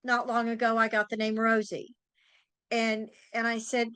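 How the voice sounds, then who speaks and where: Higher-voiced woman telling stories, dry sound. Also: monotone, normal speed, fairly bright tone, clean tone, dry recording. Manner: chatty storyteller, acts out quoted voices. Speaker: psychic and tarot teacher, podcast host. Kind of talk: casual interview chat.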